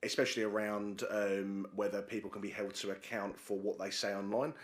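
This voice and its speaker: Man, low voice, council committee chair, hesitant, fillers, repeated words. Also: little pitch movement, a little fast. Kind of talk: committee debate speech. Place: council chamber.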